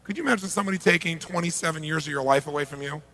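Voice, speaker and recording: A man leads a live seminar with energy, throwing questions out to the crowd. His voice sits high and has a gravelly edge, and it echoes around a large hall. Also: very fast. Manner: energetic, asks the audience questions. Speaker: motivational seminar speaker.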